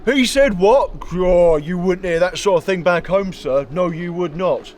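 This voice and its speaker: A deferential young British private, played by a man, hesitant and forever adding "sir". His voice sits high. Faint outdoor noise runs underneath. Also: measured pace, darkish tone. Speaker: comedy sketch actor. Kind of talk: comedy sketch acting.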